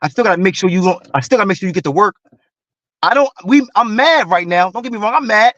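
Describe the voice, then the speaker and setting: Guy going off in casual chat, blunt and repetitive, kinda high voice, dull dry lo-fi sound. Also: fast talker, dry recording. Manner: blunt, repetitive, animated street talk.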